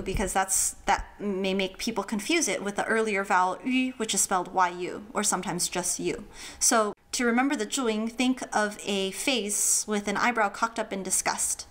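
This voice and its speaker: A woman's voice: on the high side, expressive, normal speed, a bit bright. A woman teaching language pronunciation in a playful way, acting out sounds with funny imitations. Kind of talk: friendly explainer lesson.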